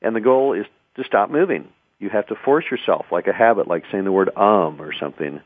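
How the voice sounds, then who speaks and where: A man's voice: fairly low pitch, lively intonation, fairly quick, breathy edge. A man hosting a radio talk show, giving conversational advice on public speaking and often restarting words. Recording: tinny phone-like radio sound.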